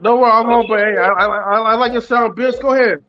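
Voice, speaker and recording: A man's voice: extremely high pitch, quick pace, highs cut off. A man co-hosting a podcast in casual chat, talking loosely and slangy and stammering on restarts. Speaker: podcast co-host.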